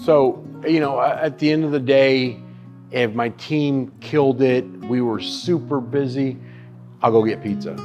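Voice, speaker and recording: A barbecue restaurant chef-owner in his thirties tells his story in a casual interview, animated and cursing freely while calling the listener "dude" and "brother." His mid-range voice is a little slow, the highs are cut off, and faint music plays behind.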